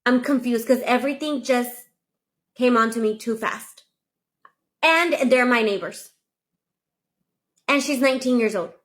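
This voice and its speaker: A woman casually telling a personal confession, animated and acting out the dialogue of everyone involved. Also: fairly high pitch, measured pace, long pauses. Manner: animated, quotes herself and others. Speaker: storyteller sharing a confession. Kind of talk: casual storytelling.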